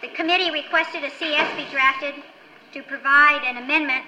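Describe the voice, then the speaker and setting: A middle-aged woman chairing a legislative committee hearing, brisk and directive as she runs the meeting. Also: sits high, steady tone, pushed and bright, a little hiss or hum, low-quality recording.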